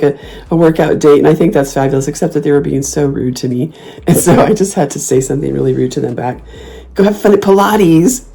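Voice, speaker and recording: With vocal fry and a breathy edge, this woman hosts a laid-back conversation. She spins sassy, lively anecdotes, frequently laughing and launching into shrill, loud mock retorts.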